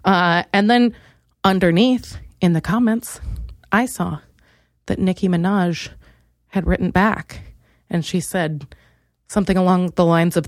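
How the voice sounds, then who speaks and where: A young woman hosting a comedic solo podcast, ranting theatrically and jumping into loud, high outbursts. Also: moderate pace, long pauses, no room sound, studio quality. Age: young adult. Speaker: podcast host.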